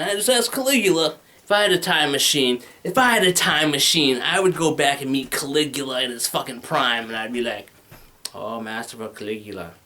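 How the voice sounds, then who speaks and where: A man's voice: fairly high pitch, a bit bright. A man in his thirties doing a rambling, crude stand-up comedy set, acting out voices and talking into a handheld microphone. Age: 30s. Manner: rambling, crude, acts out voices with big swings.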